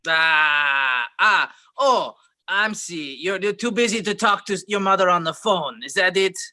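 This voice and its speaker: A man's voice: sits high, animated, unhurried, pushed and bright, exaggerated voice. A man playing a rude, sarcastic shop clerk at a returns counter, in an improvised comedy scene over a video call. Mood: snide. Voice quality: insulting, sarcastic delivery.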